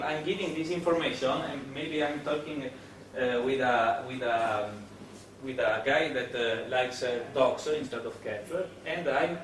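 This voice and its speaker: Man, lecturer, halting with lots of fillers, roomy hall sound, noisy distant mic. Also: fairly high pitch. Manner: hesitant, many fillers and restarts. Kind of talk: classroom lecture on web development. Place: lecture room.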